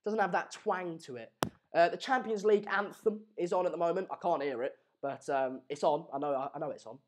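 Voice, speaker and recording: A young man from England runs a football watchalong stream and chats loosely with his viewers. His voice sits a touch high, and his talk wanders with restarts and jokes. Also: a little fast. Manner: jokey banter, rambling with fillers and restarts. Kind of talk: live stream chat reading comments. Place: home room in Madrid.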